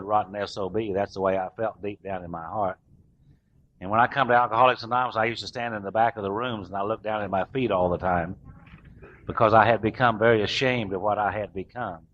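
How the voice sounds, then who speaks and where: A man's voice: lowish voice, fairly bright tone. A middle-aged man, telling his recovery story to a meeting in a folksy, self-mocking way. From US South. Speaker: recovering alcoholic speaker. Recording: dull lo-fi recording, faint room hiss.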